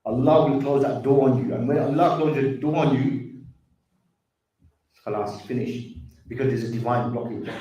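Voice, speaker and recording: Brisk and warm, this mid-range male voice holds a steady tone throughout an earnest talk to the community about drug addiction. He repeats himself and speaks to his brothers and sisters, recorded by a far-off mic in a strongly echoing hall.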